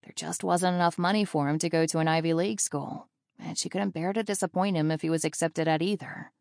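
Woman reading an audiobook, kinda low voice, steady even delivery, dead dry sound. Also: a little fast, gravelly, no echo. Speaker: audiobook narrator. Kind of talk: scripted narration.

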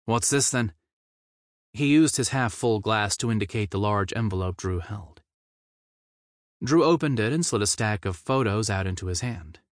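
Close, dry recording with no room sound captures a male audiobook narrator reading a novel. He speaks in a low voice, with a steady and measured scripted delivery.

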